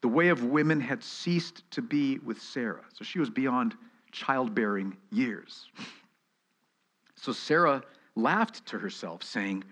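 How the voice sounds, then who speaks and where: Emphatic male preacher at mid pitch. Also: lively intonation, a bit bright. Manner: emphatic, asks the listeners rhetorical questions; reads scripture aloud slowly and solemnly. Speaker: pastor. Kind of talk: expository sermon with Bible reading.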